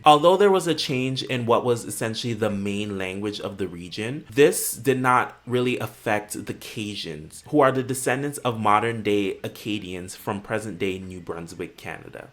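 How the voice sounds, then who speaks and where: A man with an American accent narrating an educational lesson in a clear, explanatory way. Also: on the low side, a bit bright.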